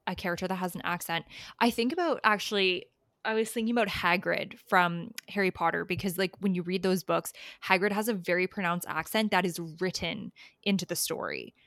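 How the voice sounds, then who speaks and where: Chatty woman co-host with a slightly low voice, casual writing talk, dry close mic. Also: brisk, a bit bright, no room sound. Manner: chatty, lots of "like" fillers. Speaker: podcast co-host, writer. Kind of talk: casual chat about writing.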